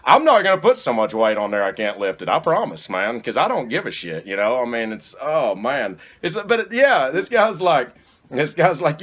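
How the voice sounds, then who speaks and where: A man in casual podcast conversation, his pitch swinging widely as he tells animated stories. He swears freely and laughs often, and sits at an average pitch for a man. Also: moderate pace. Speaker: podcast host. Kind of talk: casual chat.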